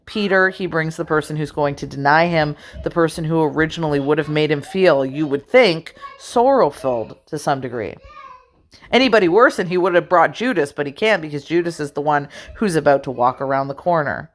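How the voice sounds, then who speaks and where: A woman at home giving casual commentary on scripture, reading verses slowly and laughing often as she talks. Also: sits low, animated. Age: adult. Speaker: religious video host.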